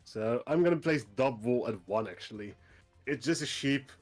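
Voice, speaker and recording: Casual male gaming streamer, mid pitch, loose rambling delivery, light music under. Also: moderate pace. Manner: relaxed, rambling, reads entries aloud. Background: faint game music.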